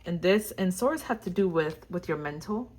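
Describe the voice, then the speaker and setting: A woman with a fairly low voice gives a casual tarot reading to her viewers. She gushes over each card and talks straight to the camera audience. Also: animated, normal speed, darkish tone. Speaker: tarot reader.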